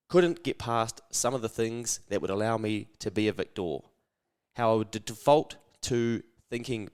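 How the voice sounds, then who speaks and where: A man hosting a motivational solo podcast, fired up, blunt and sweary. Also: mid-range voice. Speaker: podcast host.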